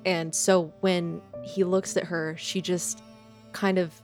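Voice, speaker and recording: Woman player, hesitant, very slow, lowish voice, faint music. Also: flat delivery, a little mellow. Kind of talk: narrating her character in a tabletop game.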